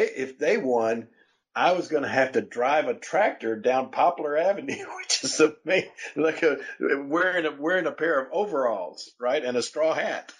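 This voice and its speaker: A man's voice: mid-range voice, husky, rough recording. An older man, hosting a casual chat and telling rambling, laughing stories with many restarts. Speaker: podcast host, wrestling legend.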